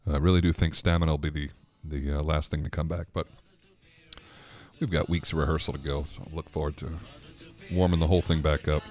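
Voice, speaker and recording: A man's voice: very deep voice, little pitch movement, fairly quick, darkish tone. A man hosting a podcast in a casual solo monologue, rambling with many restarts and frequent laughter. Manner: rambling, self-interrupting, laughs often. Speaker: podcast host.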